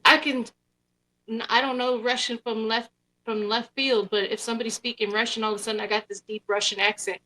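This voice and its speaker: A woman's voice: a little high, little pitch movement, brisk, bright, forceful tone. A woman with an Oakland Bay Area accent, earnestly explaining herself in a casual podcast discussion, often restarting her sentences.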